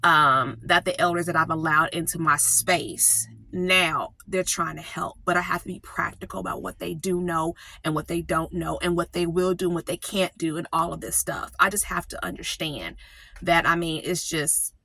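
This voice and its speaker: A middle-aged woman, coaching others and speaking candidly and emotionally in a personal vlog, often pausing. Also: on the low side, fairly even intonation, gravelly, pushed and bright, dry recording. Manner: candid, emotional, with drawn-out pauses. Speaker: support group coach.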